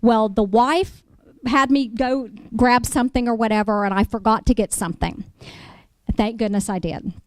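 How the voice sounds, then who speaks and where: A woman's voice: on the high side, fairly even intonation, moderate pace, dry recording. Emphatic middle-aged woman lecturing. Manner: emphatic, keeps checking in with "okay?". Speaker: real estate attorney giving a seminar. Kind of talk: storytelling lecture to an audience.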